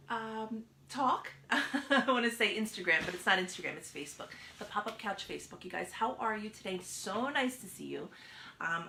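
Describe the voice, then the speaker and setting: A woman hosting a casual live advice talk, earnest and repetitive, sometimes dropping to a soft near-whisper for emphasis. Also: mid-range voice, vocal fry, echoey room, a little hiss or hum. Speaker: advice show host. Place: indoors by a window.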